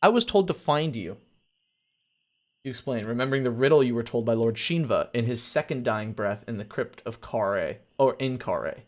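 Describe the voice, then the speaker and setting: A man reading a gamebook aloud on a live stream, mixing steady narration with casual, crude asides. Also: mid-range voice, fairly quick, hardly any pauses. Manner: casual and crude, reads narration then chats.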